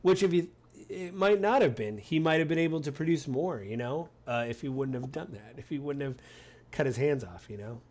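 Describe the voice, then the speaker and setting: A man from the United States hosting a casual podcast chat, rambling and acting out quotes in animated voices. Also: a little high, fairly quick. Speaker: podcast host.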